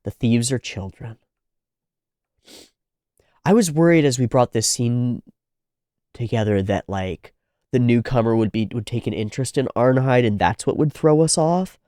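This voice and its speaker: In clean, dry studio sound, a man with a medium-pitched, expressive, mellow voice talks at a moderate pace. He reacts casually to an anime episode on his video, cursing freely and frequently starting his thoughts over with animated energy.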